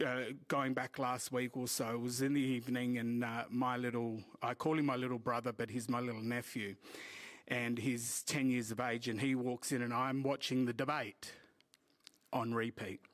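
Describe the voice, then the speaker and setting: Australian man, community speaker, earnest with jokes, lots of ums, mid-pitched voice. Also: steady tone, moderate pace, a bit bright. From Port Augusta, South Australia. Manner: joking, earnest, with many fillers. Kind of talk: informal public talk at a meeting. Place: community hall.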